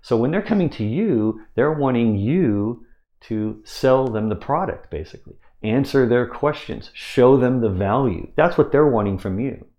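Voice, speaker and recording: A man's voice: medium pitch, expressive, moderate pace, muffled recording. A man coaching on sales technique in a casual teaching monologue, talking conversationally with frequent restarts and asides of "right?".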